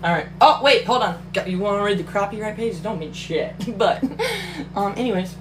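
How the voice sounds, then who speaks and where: A woman giving casual reaction commentary on a book, mocking, profane and quick to exclaim and laugh. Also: mid-range voice, background noise. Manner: laughs often.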